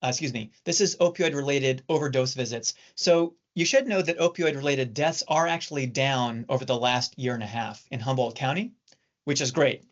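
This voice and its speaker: Male surgeon, middle-aged, measured teaching lecture, mid-pitched voice, muffled audio. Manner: measured, explanatory. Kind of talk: recorded training talk for nurses. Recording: dull lo-fi recording.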